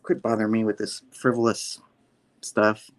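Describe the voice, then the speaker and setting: A man's voice: on the low side, level tone, normal speed, close to an everyday voice. A man voicing a haughty, impatient sorceress queen while retelling a comic. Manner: exasperated, imperious.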